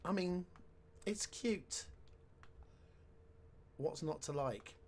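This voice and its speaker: A man's voice: a little high, lively intonation, very slow, breathy edge. A man giving casual let's-play commentary, chatty and wry with sarcastic asides. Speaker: game commentator.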